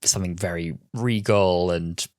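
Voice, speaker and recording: A man's voice: low voice, measured pace, a little mellow, no echo, clean studio sound. A man in his twenties co-hosting a casual podcast chat, sharing earnest, opinionated views as he thinks aloud. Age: 20s. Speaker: podcast co-host.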